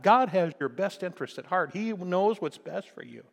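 A man's voice: high voice, very animated, brisk, gravelly, hardly any pauses, big-room sound. An older man, a pastor, preaching a sermon with folksy storytelling and sudden emphatic bursts. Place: church sanctuary.

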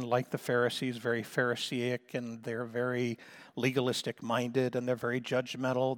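A middle-aged male pastor preaching with fervor. He draws out key phrases slowly, then builds to loud, emphatic peaks. His voice sits at an ordinary middle pitch for a man. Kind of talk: sermon.

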